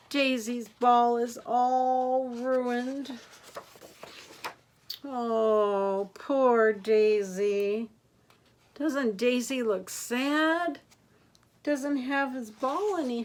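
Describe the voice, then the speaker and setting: Slow-reading older grandma storyteller. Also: female voice, high voice. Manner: gentle and expressive, gasping and asking the listener questions. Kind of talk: reading picture books aloud to children.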